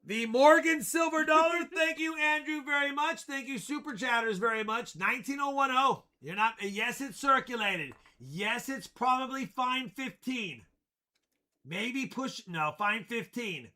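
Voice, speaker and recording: Guy running a live coin auction, really high bright voice, jokey, yells out the wins. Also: animated, a little slow. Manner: jokey, loud countdowns and shouted calls. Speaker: livestream coin auction host. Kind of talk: energetic live auction patter.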